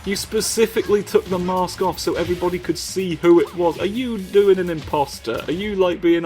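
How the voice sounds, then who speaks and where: A man's voice: high voice, fairly quick, hardly any pauses, darkish tone, soft background music. A man giving rambling, playful comedic commentary over a fighting game, full of absurd asides.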